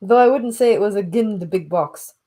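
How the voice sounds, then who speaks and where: A woman reading aloud and voicing a gruff middle-aged male sea captain with a Scottish accent, rambling in thick dialect. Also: medium pitch, brisk, warm tone, natural voice. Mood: stubborn. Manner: folksy, rambling dialect storytelling. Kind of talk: audiobook reading.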